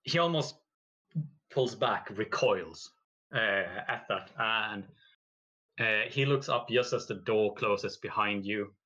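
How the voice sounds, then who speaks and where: Slow, halting man narrating a tabletop game. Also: fairly low pitch, pushed and bright, lo-fi sound. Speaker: game master.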